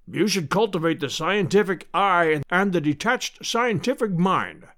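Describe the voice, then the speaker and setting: A man voicing a booming, pedantic older male professor who lectures pompously in an audiobook. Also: expressive, a little slow, a bit bright. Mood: pompous lecturing.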